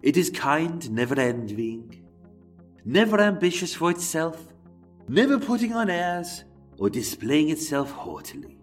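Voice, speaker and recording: A man voicing a sentimental poet, reciting slowly in a put-on Welsh accent. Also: on the high side, big pitch swings, faint music behind, pitched above the performer's own voice. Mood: earnest. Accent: put-on generic Welsh.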